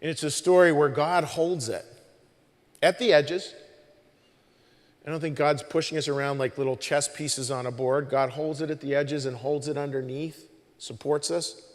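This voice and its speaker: A man's voice: fairly high pitch, steady tone, normal speed, in a large hall. A man, the pastor hosting the service, giving an informal sermon talk to the congregation in a conversational way full of restarts. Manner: conversational, with many restarts and "you know"s. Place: church stage.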